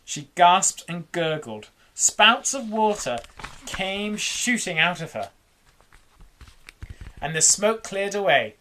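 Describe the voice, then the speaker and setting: A woman reading a children's book aloud in an animated, dramatic way. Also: on the low side, slow, pauses often, slight background noise. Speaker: storyteller.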